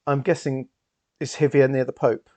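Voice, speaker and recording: A man's voice: medium pitch, little pitch movement, normal speed, darkish tone, no room sound. A man playing a tabletop role-playing game, talking in a rambling, hedging way with many fillers and restarts. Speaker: player.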